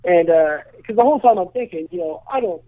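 A man's voice: sits high, lively intonation, quick pace, dry recording. A young man telling a long story casually on a call-in show, rambling with lots of fillers, heard over the phone. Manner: rambling, filler-heavy, laid-back. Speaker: guest. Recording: tinny phone line.

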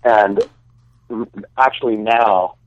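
A man co-hosting a podcast over a phone line, telling a rambling story with a lot of hesitation and sounding low on energy. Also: takes it slowly, dry recording. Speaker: podcast co-host. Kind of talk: casual chat. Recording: tinny dry phone line.

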